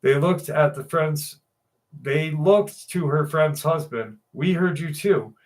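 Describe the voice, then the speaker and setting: A man's voice: fairly high pitch, slow. A man hosting a live show, reading a viewer's story aloud and then chatting loosely with his live chat, joking and swearing freely. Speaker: show host.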